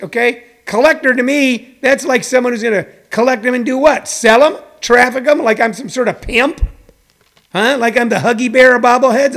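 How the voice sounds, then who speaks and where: A man's voice: extremely high pitch, fairly bright tone. A middle-aged man hosting a show, delivering a rambling, mock-indignant comedy rant with self-mocking asides. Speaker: show host.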